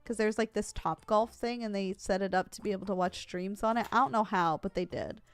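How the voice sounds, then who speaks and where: A woman's voice: medium pitch, fairly quick, clean tone. A woman streamer chatting casually, telling stories with lots of laughter and fillers. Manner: giggly storytelling, frequent laughs and fillers. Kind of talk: casual chat. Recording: dry close mic, faint music behind.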